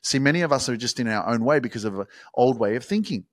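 A man hosting his own motivational podcast, talking intensely and swearing, sometimes building up to shouted hype. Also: medium pitch, lively intonation, quick pace, dry recording, studio quality. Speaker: podcast host. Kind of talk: motivational monologue.

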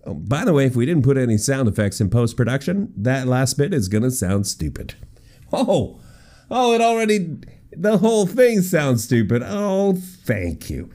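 A man's voice: medium pitch, big pitch swings, moderate pace, warm tone. A man hosting a comedic weird-news countdown with wry, jokey asides. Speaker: podcast host.

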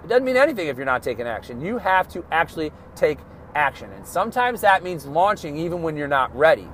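A man's voice: fairly high pitch, big pitch swings, fast, a bit bright, slight background noise. A man hosting a motivational podcast as a success coach, talking emphatically and calling his listeners folks.

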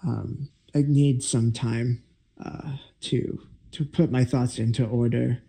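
A weary, bitter father held captive, as a game master puts him on. He speaks in a measured, solemn way with a gravelly, dark voice. The pace is slow and heavy. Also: mid-range voice, steady tone, heavily acted.

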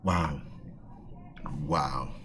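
A man's voice: very deep voice, very slow, sharp tone, slight background noise. A male teacher praising students and introducing the next group's presentation.

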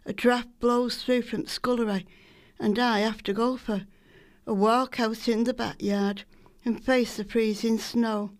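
A woman's voice: fairly high pitch, steady tone, unhurried. Lancashire woman reading her poems. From Salford, England. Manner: homely, storytelling. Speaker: poet. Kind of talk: poetry reading.

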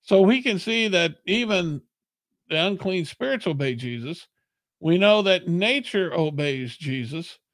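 A man's voice: high voice, animated, a little slow, a bit bright, no echo. A man preaching a sermon in an earnest, plain-spoken way.

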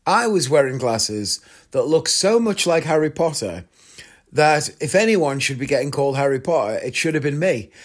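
A man's voice: a little high, moderate pace. Wry English man telling stories. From England. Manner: wry, deadpan storytelling with frequent laughs. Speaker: magician and podcast host. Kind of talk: comic storytelling monologue.

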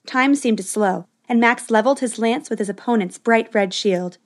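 A woman narrating a storybook adventure in a steady, expressive way. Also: fairly high pitch, normal speed.

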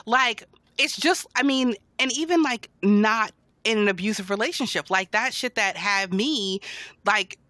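A woman's voice: medium pitch, measured pace, sharp tone, no room sound. A woman co-hosting a podcast, speaking bluntly and expressively in casual chat, laughing often. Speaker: podcast co-host.

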